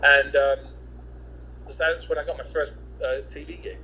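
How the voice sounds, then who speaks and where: A man's voice: fairly high pitch, little pitch movement, normal speed, bright, forceful tone, lo-fi sound, a little hiss or hum. Rambling man telling his story. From England. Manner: rambling, with many restarts and quoted dialogue. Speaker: guest. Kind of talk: casual interview storytelling.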